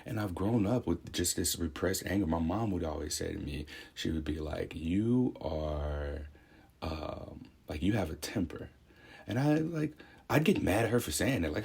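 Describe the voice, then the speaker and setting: A man's voice: low-pitched, animated, moderate pace, gravelly, darkish tone, breathy edge. A young man speaking a candid, reflective personal monologue in a conversational way, thinking aloud. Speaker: vlogger.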